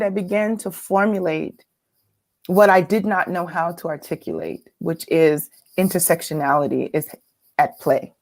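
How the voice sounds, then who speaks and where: An earnest woman with a slightly low voice, speaking as a guest about her own experiences. She talks in a reflective, thoughtful way, now and then breaking into laughter. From California, United States. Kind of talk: personal storytelling talk.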